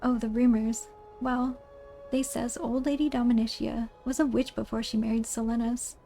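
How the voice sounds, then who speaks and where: A woman voicing a boastful male thief who talks in rough, folksy slang. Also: fairly high pitch, little pitch movement, normal speed, dark tone, faint music behind. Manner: ungrammatical folksy thief talk.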